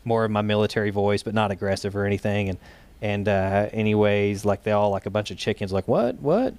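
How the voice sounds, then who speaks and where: A man with a slightly low voice and a drawl, talking as an interview guest. He tells his story in loose, rambling runs, with many "uh"s and restarts along the way. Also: completely flat delivery, fast, a little mellow, clean tone. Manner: talks in loose runs with frequent fillers and restarts. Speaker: guest, state director of a gun rights group.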